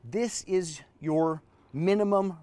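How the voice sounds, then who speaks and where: A man's voice: high-pitched, takes it slowly, dark tone, clean tone, no room sound. A man teaching business owners on a live stream, talking them through a whiteboard drawing with emphatic, story-driven delivery. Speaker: business coach.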